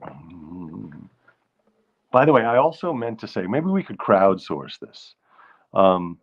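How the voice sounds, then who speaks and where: A man hosting a live stream, singing old standards slowly and chatting in a quick, joking way between songs. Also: lowish voice, very animated, highs cut off. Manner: croons show tunes slowly, then chats fast and jokey. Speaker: host of a live music stream.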